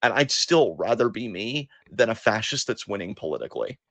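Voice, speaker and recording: A man's voice: on the low side, sing-song, fairly quick, fairly bright tone, no echo. Impassioned man ranting with plenty of profanity. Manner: self-deprecating. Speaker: podcast co-host. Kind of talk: casual podcast monologue.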